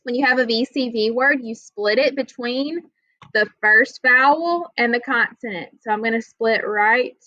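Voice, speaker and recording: A woman's voice: on the high side, normal speed, bright, forceful tone, no room sound. A woman teaching children a reading lesson, explaining patiently step by step and checking in with "okay?". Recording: dull lo-fi audio.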